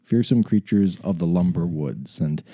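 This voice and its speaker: A middle-aged Canadian man talks casually on a podcast, his low voice very dark and mellow. He rambles and mocks himself, trailing off into quieter asides. The sound is close and dry, with almost no room. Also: lively intonation, normal speed, no echo. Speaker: podcast host. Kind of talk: casual chat.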